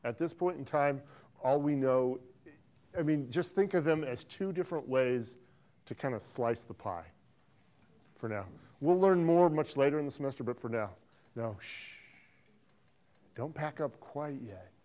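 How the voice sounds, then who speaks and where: Quizzing his students and repeating his praise, a middle-aged man teaches accounting with a playful, teasing style. He speaks at a medium pitch with lively intonation, a mellow tone and a moderate pace.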